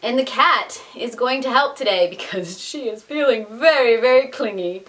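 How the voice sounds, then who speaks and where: A woman's voice: a little high, normal speed, a bit bright. A woman book vlogger chatting casually at home, rambling and self-deprecating as she reviews what she read. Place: home room with air conditioning.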